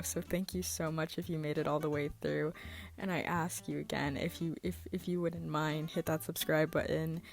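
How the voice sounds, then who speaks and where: A woman's voice: deep voice, little pitch movement, moderate pace, gravelly, soft background music. A young woman narrating a scripted commentary video, indignant when calling someone out, rambling and stuttering in the outro. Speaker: commentary YouTuber.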